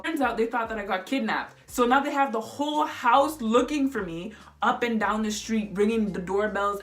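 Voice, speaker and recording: A woman's voice: a little high, a bit bright. A young woman vlogger telling a childhood story in a chatty, filler-heavy way. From Indo-Caribbean family. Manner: chatty, lots of "like" and "you know". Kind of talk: casual storytelling.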